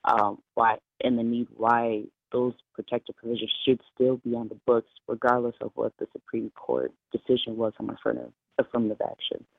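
Male guest lawmaker, gravelly voice, lo-fi phone sound. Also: medium pitch, level tone, fairly quick, few pauses, no echo. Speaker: state representative, studio guest. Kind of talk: talk radio interview.

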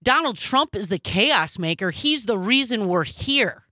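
A woman hosting a political commentary show, animated and cutting in her remarks. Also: medium pitch, a little slow, dry recording, studio quality. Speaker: host.

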